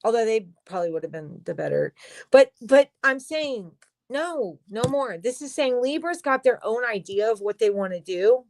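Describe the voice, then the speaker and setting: A woman's voice: on the high side, animated, normal speed, darkish tone, no echo. Young woman doing a tarot livestream, fired up and cursing a lot, super dry close sound. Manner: emphatic, swears freely, talks straight to viewers. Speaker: tarot reader.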